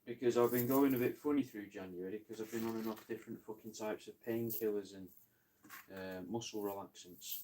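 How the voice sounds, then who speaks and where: A man's voice: lowish voice, steady tone, brisk, mellow, a little hiss or hum. A man in casual livestream chat, rambling, joking and swearing while he lists crafts for sale.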